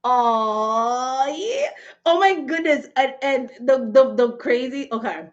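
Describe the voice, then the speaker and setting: A woman in her forties chatting casually with viewers, telling animated stories and laughing often. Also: sits high, slow pace. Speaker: spiritual reader and channel host. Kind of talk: casual live chat with viewers. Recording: dull lo-fi livestream audio.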